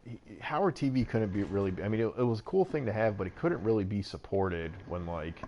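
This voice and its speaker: A low-voiced man rambles through casual talk while gaming, laughing easily and cursing freely. His sound carries a steady hiss of background noise, like a home livestream mic. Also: a little fast, muffled recording. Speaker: livestream host.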